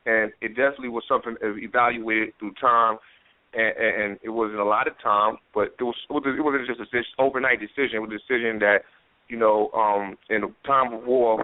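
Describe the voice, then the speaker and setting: A man being interviewed as a comedian guest, rambling and boastful with stammering restarts. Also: medium pitch. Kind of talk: casual phone-in interview. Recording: tinny phone line on radio.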